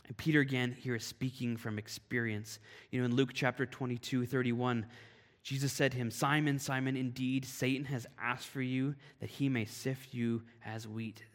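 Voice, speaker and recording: A man from Canada giving a sermon, telling a personal story in a lively, animated way. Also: medium pitch. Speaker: pastor. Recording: long hall reverb.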